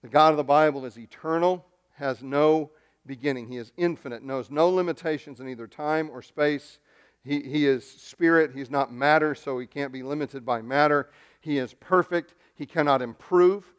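A man preaching a sermon, excitable and emphatic, often repeating words and swinging between loud stresses and quiet asides. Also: on the high side, moderate pace, clear, resonant tone. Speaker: pastor.

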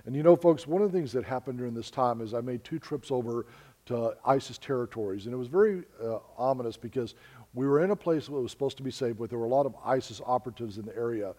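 Earnest man preaching, mellow voice. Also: mid-range voice, fast. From United States. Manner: earnest preaching, addresses listeners as folks. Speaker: preacher and missionary. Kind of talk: sermon storytelling.

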